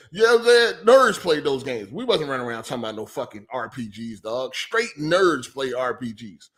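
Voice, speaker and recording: A man's voice: medium pitch, sing-song, moderate pace, a bit bright. A middle-aged man hosting a podcast, ranting in a heated, profane and repetitive way, exasperated. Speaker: podcast host.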